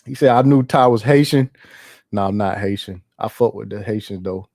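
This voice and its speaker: Slangy, laughing casual commentator. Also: male voice, lowish voice, moderate pace, creaky, darkish tone, no echo, studio quality. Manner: slangy, laughing, rambling, profane. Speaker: commentary streamer.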